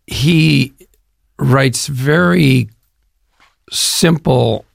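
A man's voice: mid-range voice, creaky, no room sound, studio quality. An older man from the Chicago area, a guest actor in a casual interview, telling stories at length with plenty of fillers. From Chicago area, US Midwest. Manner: chatty, drawn-out storytelling with fillers.

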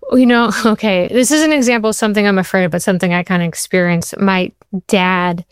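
A woman in her forties, a TV writer answering interview questions with animated storytelling. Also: medium pitch, quick pace, clean tone, no room sound, studio quality. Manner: animated storyteller, acts out quoted voices. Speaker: TV writer and showrunner, guest. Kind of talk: interview conversation.

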